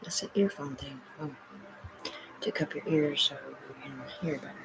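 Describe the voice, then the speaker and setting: A woman's voice: sits low, moderate pace, noisy background. A woman talking to her livestream in a rambling, agitated, heavily profane rant.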